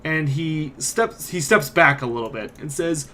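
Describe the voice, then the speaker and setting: A man running a tabletop game as game master, narrating the scene in an animated way. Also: on the high side, unhurried, few pauses. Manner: animated, voices every figure.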